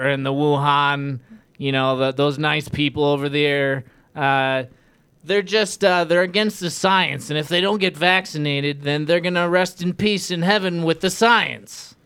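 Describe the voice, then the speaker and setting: A man putting on a smug, self-important older male health official who rambles in a halting way with a sleazy New York-style accent. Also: on the high side, sharp tone, clean tone, dry recording.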